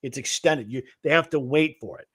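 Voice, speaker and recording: A man's voice: medium pitch, a little fast, fairly bright tone, husky. A man teaching guitar rhythm on a livestream, patiently explaining and counting beats aloud. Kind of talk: livestream music lesson.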